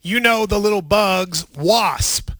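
A man's voice: sits high, slow pace, no echo. A man, co-hosting a casual chat and quizzing his partner on mountain sayings. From Appalachia. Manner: animated, quizzing his co-host on regional sayings.

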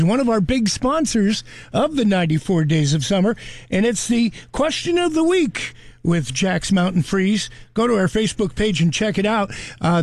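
High-voiced chatty male radio host. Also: a little mellow, dry recording. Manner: chatty, loose, with frequent fillers. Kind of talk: casual radio chat. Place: radio studio. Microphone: studio microphone.

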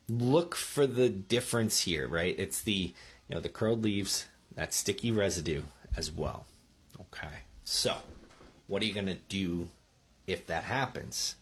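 Husky-voiced man giving gardening advice. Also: on the low side. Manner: chatty, checks in with frequent "okay?" and "right?". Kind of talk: casual instructional talk. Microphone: speaking into a microphone.

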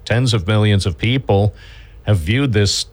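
A man's voice: on the low side, a little slow, a little mellow. A man hosting a radio talk show, rambling along and restarting his sentences as he chats with a caller. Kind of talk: casual radio chat.

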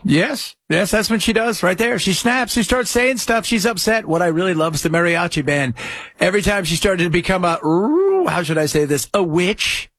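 A man hosting a commentary show, reacting to clips with sarcastic, mocking remarks and loud laughs. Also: high-pitched, normal speed, dry recording. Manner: mocking, laughs loudly at his own jokes.

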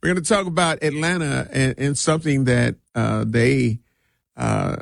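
A man hosting a radio show in a studio, chatting casually and joking with slang and a relaxed drawl. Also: medium pitch, normal speed, creaky, no echo.

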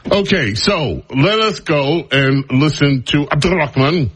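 A man's voice: fairly high pitch, a bit bright, slightly rough. A man hosting a talk radio show, speaking in a casual way and teasing his studio crew in wry banter.

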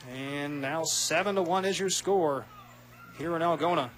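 A man doing play-by-play radio commentary of a softball game, quick and rising with big plays. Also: a little high. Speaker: play-by-play announcer.

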